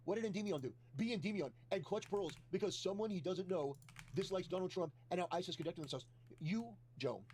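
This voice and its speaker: Fast-talking guy ranting accusingly, kinda high voice. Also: a little mellow, a little hiss or hum. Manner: indignant, accusatory. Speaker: commentator. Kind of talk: ranting video commentary.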